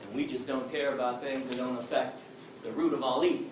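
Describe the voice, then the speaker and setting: A man's voice: mid-range voice, fairly even intonation, a little fast. A man answering audience questions in an emphatic, plain-spoken storytelling manner. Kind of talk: public talk, Q and A. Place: large echoey hall. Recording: echoey hall from far off, noisy.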